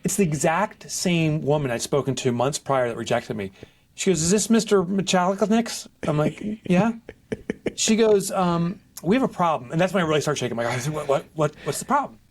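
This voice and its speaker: Speaking into a podcast microphone at a normal speed, a fairly high-voiced male guest tells a lively story in conversation. He acts out the people in it, quoting them in distinct voices.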